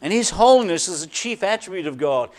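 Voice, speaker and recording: High-voiced man preaching a sermon. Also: animated, darkish tone. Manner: emphatic preaching with deliberate repetition and dramatic drops in volume. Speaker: pastor.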